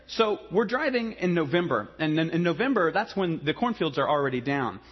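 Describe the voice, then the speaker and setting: Husky-voiced pastor telling a funny story. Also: male voice, a little high, highs cut off. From Ohio. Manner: humorous storytelling, dropping to a quiet earnest tone. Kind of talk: storytelling sermon.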